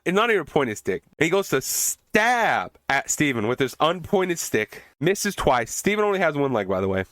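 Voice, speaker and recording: A podcast host recaps and reviews a film casually but with exasperation, swearing for emphasis and often restarting sentences. His voice is fairly high and fairly bright, with no echo.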